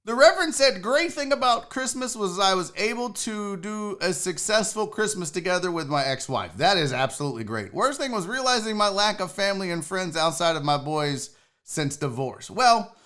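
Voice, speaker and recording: A man's voice: high voice, animated, normal speed, pushed and bright. A man hosting a casual sports livestream, talking loosely with some swearing and calling out viewers in the chat by name. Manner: loose and profane, greeting chat members by name. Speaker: sports show host.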